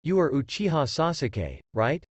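A bored, deathless teenage ninja boy speaks bluntly and flatly, as a male reader puts him on. The voice still swings lively in pitch, close and dry as if read into a quiet mic. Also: normal speed, dry recording.

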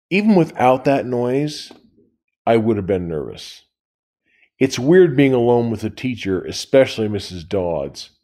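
A man's voice: on the low side, dark tone. A man reading a novel aloud, telling it in the first person. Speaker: reader.

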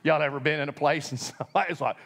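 A man's voice: fairly high pitch, fast, a bit bright, in a large hall. A man preaching a sermon, telling the story with humor, acting out voices and laughing often.

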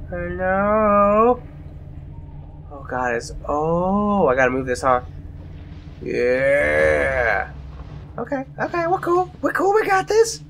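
Jumpy young man with wildly swinging pitch. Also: a bit bright, a little hiss or hum. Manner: jumpy, exclaiming, self-mocking. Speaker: let's play gamer. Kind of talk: horror game commentary.

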